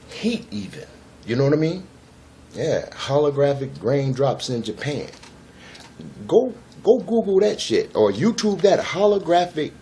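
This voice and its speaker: A man's voice: fairly low pitch, darkish tone, a little hiss or hum. A man giving a freewheeling spiritual monologue to camera, profane and emphatic, repeating phrases and using street slang. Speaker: spiritual vlogger.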